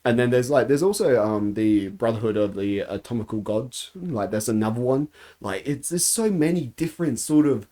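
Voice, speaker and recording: A man chatting casually as a podcast co-host, laughing often and swearing as his voice jumps up when excited. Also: mid-range voice, normal speed. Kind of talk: casual chat among friends.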